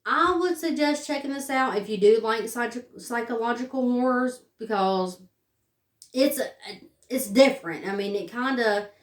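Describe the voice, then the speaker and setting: Young woman reviewing a film, slow and rambling, a bit off-mic. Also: a little high. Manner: chatty, filler-heavy retelling with many "like"s. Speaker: movie reviewer. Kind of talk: casual movie review. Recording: roomy sound, distant from the mic.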